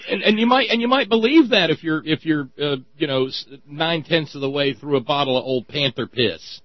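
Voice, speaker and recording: A man's voice: a little high, no echo, lo-fi sound. A man hosting a political radio talk show, sardonic and colorful in his speech. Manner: sardonic, colorful, quick-witted.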